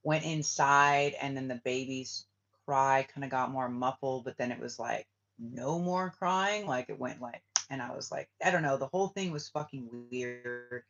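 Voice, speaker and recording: A man's voice: medium pitch, normal speed, creaky, a bit bright. A man, a spiritual reader, talking casually in a rambling way, filling his speech with "like" and swearing. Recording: dull lo-fi sound.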